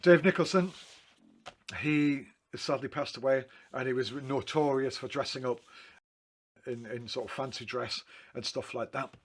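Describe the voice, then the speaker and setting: Man, mid pitch, easygoing photographer rambling through anecdotes with frequent restarts. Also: a little slow, a little hiss or hum. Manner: rambling, self-correcting, chatty. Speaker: photographer talking through his photo book. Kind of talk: casual anecdotal storytelling.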